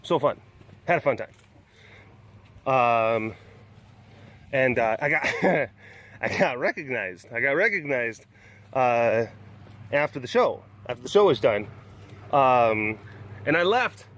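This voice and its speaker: A man's voice: mid-range voice, animated, takes it slowly, long pauses, a bit bright. A man hosting his own webcast, telling a story in a casual, rambling way, self-deprecating and laughing often. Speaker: webcast host.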